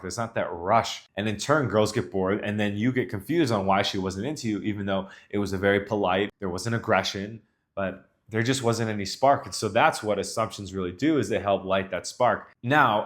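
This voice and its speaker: A man speaking casually to camera as a dating coach, explaining calmly and directly. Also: fairly low pitch. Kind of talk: instructional talk to camera.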